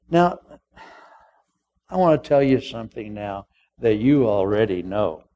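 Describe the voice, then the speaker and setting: A man's voice: mid-range voice, measured pace, long pauses, mellow. An older male pastor preaching a sermon, acting out the dialogue of a parable with humor.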